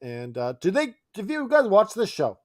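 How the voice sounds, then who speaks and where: A man's voice: high voice, huge pitch swings, normal speed, no room sound. A man hosting a casual podcast chat, laughing often. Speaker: podcast host.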